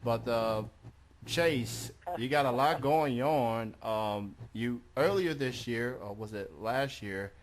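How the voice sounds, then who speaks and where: A man hosting an internet radio show, interviewing a caller in a relaxed, halting way with many fillers. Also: medium pitch. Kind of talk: casual call-in interview.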